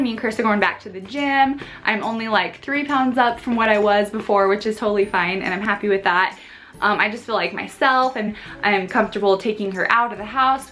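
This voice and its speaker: A woman's voice: a little high, fairly bright tone. A woman in her twenties, a vlogging new mom, chatting casually to camera and saying "like" a lot. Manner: chatty, fills talk with "like".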